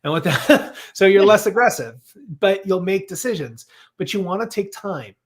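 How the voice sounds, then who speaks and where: A man's voice: high voice, expressive, normal speed. Analytical man explaining personality profiles. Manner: analytical and playful, acts out quoted remarks. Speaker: personality assessment coach.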